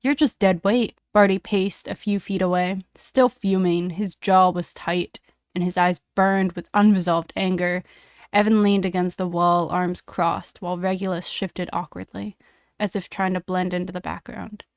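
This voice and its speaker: A woman reading a story aloud in an expressive, dramatic way. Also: fairly low pitch, normal speed, clear, resonant tone, dry recording, clean studio sound. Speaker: reader of fan fiction.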